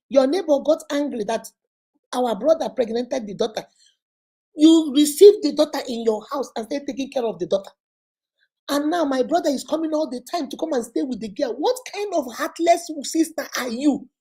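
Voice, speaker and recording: A woman's voice: sits high, warm tone, pitched above the performer's own voice. A Nigerian woman voicing an outspoken young sister-in-law who scolds in a string of indignant questions.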